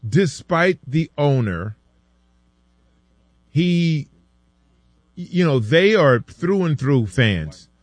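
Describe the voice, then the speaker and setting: A man co-hosting a sports talk show, telling stories in a casual, animated way and acting out his friends' lines. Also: fairly high pitch, very slow, long pauses, no room sound. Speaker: sports radio co-host.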